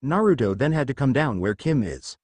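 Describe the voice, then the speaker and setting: A man reading a fan fiction story aloud and voicing its characters in his own voice, with a halting delivery. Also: medium pitch, big pitch swings, a little mellow, no room sound. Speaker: narrator.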